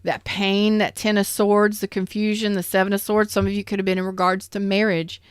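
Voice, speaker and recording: A woman's voice: medium pitch, level tone, fairly quick, clear, resonant tone, no room sound, clean studio sound. A woman giving a tarot reading to her viewers, earnest and emotional, repeating herself as she speaks straight to them. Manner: earnest, repetitive, emotional, addresses viewers directly. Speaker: tarot reader.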